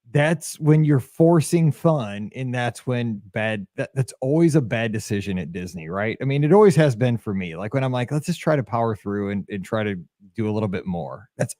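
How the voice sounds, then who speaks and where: A middle-aged man co-hosting a podcast, telling an animated story and acting out the quotes in casual chat. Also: mid-range voice, no room sound, clean studio sound. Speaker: podcast co-host.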